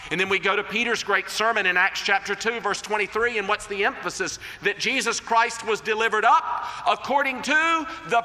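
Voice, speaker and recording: A man preaching a sermon in an earnest, deliberate way, slowing down to quote scripture. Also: high-pitched, sharp tone. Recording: long reverb of a large hall.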